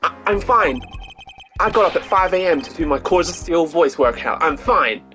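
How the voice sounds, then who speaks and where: A British man voicing a nervous, energetic young male rookie lawyer in a put-on American accent, playing through a video game. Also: mid-range voice, moderate pace, faint music behind, lightly acted, low-quality recording. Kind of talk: game playthrough voice acting.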